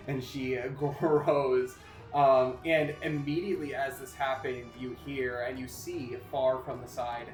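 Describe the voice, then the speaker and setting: A man running a tabletop game as game master, narrating casually with many halting fillers. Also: medium pitch, flat delivery. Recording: echoey room with faint music.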